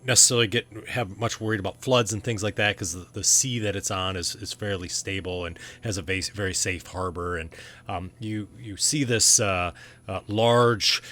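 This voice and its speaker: A man's voice: on the low side, steady tone, moderate pace, sharp tone. A man narrating a tabletop game as game master, rambling with many ums and restarts.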